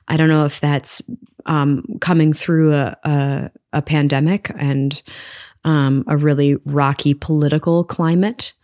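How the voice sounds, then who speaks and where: A woman's voice: low voice, little pitch movement, a little slow, a little mellow. A woman in her forties, a stage actress, talking reflectively as a guest in a casual interview, with many restarts. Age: 40s.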